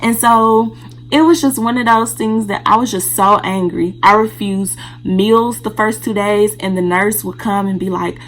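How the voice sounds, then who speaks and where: A woman's voice: mid-range voice, fairly even intonation, a little slow, fairly bright tone, a little hiss or hum, low-quality recording. A woman vlogger telling a personal story in a candid, casual way, speaking straight to her viewers.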